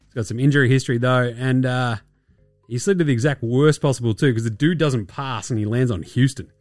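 Australian man, mid-pitched, sarcastic podcast host, dry close mic with faint music underneath. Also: a little mellow, no echo. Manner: sarcastic, profane, mimics players in quick asides. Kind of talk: casual basketball chat.

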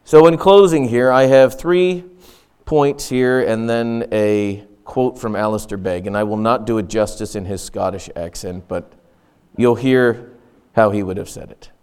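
A man's voice: on the low side, unhurried, a little mellow, smooth. A middle-aged man preaching a sermon as pastor in a church, talking in an earnest, conversational way and repeating key phrases for emphasis.

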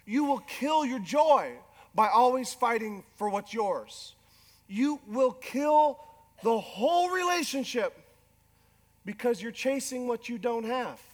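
A middle-aged male pastor preaching a sermon with animated, self-deprecating humor. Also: extremely high pitch, takes it slowly. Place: large church hall. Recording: long hall reverb.

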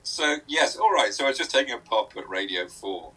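A man's voice: mid-range voice, animated, brisk, fairly bright tone, slightly rough, rough recording. A man co-hosting a casual chat about his sketches, joking and laughing often. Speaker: co-host and sketch writer.

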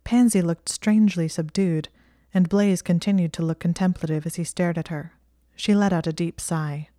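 Lady reading fanfic aloud, warm low voice, calm and steady, super dry close mic. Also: moderate pace, no room sound. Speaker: audiobook reader. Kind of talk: fan fiction audiobook reading.

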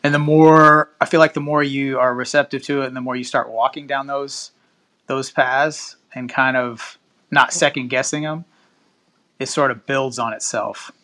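A man's voice: mid-range voice, steady tone, normal speed, bright, forceful tone. A man hosting a podcast, reading a news article aloud in a casual chatty way, stopping to comment and laughing at the wording. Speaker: podcast host.

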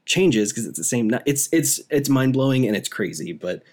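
A man's voice: mid-range voice, very animated, normal speed, darkish tone. A man co-hosting a podcast, chatting casually and enthusiastically about a movie, rambling and laughing often. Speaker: podcast co-host. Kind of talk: casual movie review chat.

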